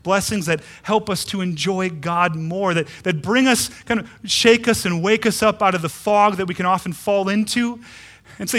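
A man in his thirties, a pastor preaching a sermon with animated emphasis and frequent repeated words. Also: high voice, normal speed.

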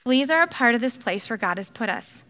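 Serene, faithful woman prisoner, calmly insistent, read aloud by a woman; light, higher voice. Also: fairly quick.

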